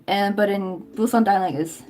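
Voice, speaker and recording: A woman's voice: medium pitch, moderate pace, a little mellow, a little hiss or hum. Chatty Southern woman crafting on stream. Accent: Southern American. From Tennessee, US. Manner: chatty and rambling, lots of "like" and laughs. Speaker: crochet livestream host. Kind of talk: casual livestream chat while crafting.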